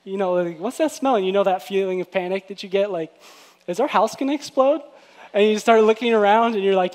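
Casting: male pastor, high voice, chatty sermon delivery with animated quoted asides. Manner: conversational, animated in acted-out quotes.

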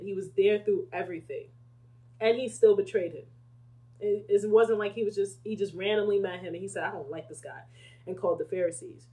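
A woman's voice: medium pitch, husky. A young woman leading a casual Bible study, explaining scripture and acting out quotes with laughter. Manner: animated, acts out quotes with laughter.

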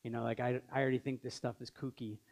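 A man's voice: medium pitch, little pitch movement, quick pace, vocal fry, a little mellow. A man in his thirties preaching a sermon as pastor, telling stories earnestly and acting out the dialogue. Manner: earnest storytelling, acts out dialogue.

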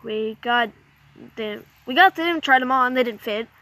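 A woman telling a jokey made-up adventure story, animated and self-mocking, with mouth sound effects. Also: a little high, a little slow. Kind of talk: playful comic storytelling.

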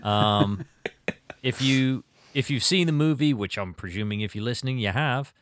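A man hosting a casual podcast chat about a film, talking in an animated, rambling way. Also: medium pitch, moderate pace, slight background noise. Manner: animated, rambling, acts out quotes. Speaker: podcast host.

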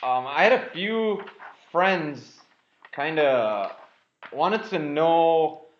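A man's voice: fairly high pitch, expressive, drawn-out words, a little hiss or hum. Blunt swearing guy chatting sports, mid voice, echoey room, bit muffled. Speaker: podcast co-host. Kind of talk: casual chat about sports and news. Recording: roomy, slightly dull lo-fi audio.

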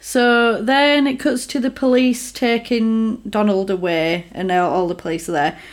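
Chatty woman retelling a film. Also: fairly high pitch. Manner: animated, acts out characters' lines in quick voices. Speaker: film recapper. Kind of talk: casual chat retelling a film.

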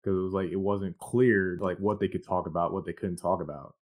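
A man with a low, deep voice hosts the conversation and asks about a guest's service. He talks in a loose, friendly way and fills his sentences with "like". The tone stays informal throughout. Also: fairly quick. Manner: relaxed, conversational, leans on "like". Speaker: interviewer. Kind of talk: casual interview questions.

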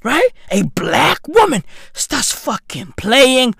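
A vlogger with delivering a comedic rant, heavy on swearing and calling out 'bruv', often bursting into shouts. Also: sits high, slow, creaky, slightly rough, no room sound, clean studio sound. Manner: profane, animated, keeps calling out 'bruv'.

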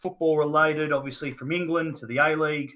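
A man's voice: on the high side, steady tone, brisk, bright, forceful tone. An Australian man in his thirties hosting a casual sports podcast, rambling with lots of fillers and the odd mild swear. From Newcastle, Australia. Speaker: podcast host.

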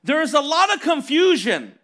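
A man's voice: extremely high pitch, very animated, moderate pace, sharp tone. A man preaching a sermon, reading scripture and asking rhetorical questions punctuated with "amen" and "right?".

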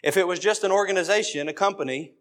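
A man's voice: high voice, quick pace, fairly bright tone. A man preaching an evening sermon, building points through emphatic repeated phrases. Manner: emphatic, repetitive preaching cadence.

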